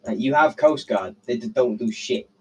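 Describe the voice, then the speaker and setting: A man's voice: mid-range voice, moderate pace, crowd noise, poor audio. A teenage boy telling a rambling, profane story on a casual podcast, tagging his sentences with "right?". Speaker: podcast co-host.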